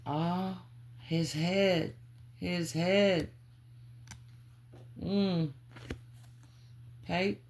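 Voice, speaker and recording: A woman giving a channeled psychic reading, calling on spirit and muttering names and clues in halting bits. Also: fairly low pitch, a little mellow, slight background noise. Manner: halting, muttering free association. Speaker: psychic reader.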